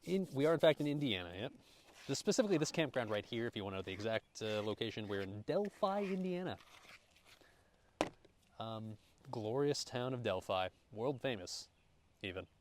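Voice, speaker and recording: A man's voice: mid-range voice, animated, normal speed, pauses often, slight background noise. A young American man casually chatting and cooking at an outdoor campground, joking, swearing loosely and thanking his chat. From United States. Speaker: streamer.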